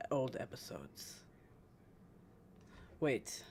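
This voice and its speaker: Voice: mid-range voice, expressive, a little slow, pauses often, fairly bright tone, a little hiss or hum. A game streamer in casual live-stream chat, talking to the viewers and humming while searching. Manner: chatty, talks to chat, hums while searching.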